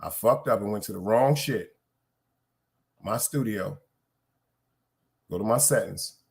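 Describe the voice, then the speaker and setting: A man's voice: fairly low pitch, unhurried, gravelly. A man from Brooklyn with a Brooklyn accent, hosting a live podcast stream in casual, profane, rambling chat aimed straight at his viewers. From Brooklyn, New York.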